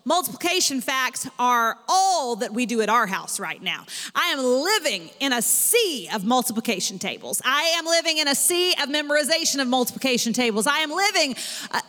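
A woman pastor preaching a sermon in an animated way, rising in emphasis as she makes her points. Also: sits high, a little fast, big-room sound.

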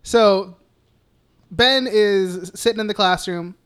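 A man's voice: high-pitched, takes it slowly, a bit bright, smooth. Male podcast co-host, casual and profane, fills every gap with "like" and "uh.". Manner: profane, rambling retelling with lots of fillers. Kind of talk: casual chat recapping a film.

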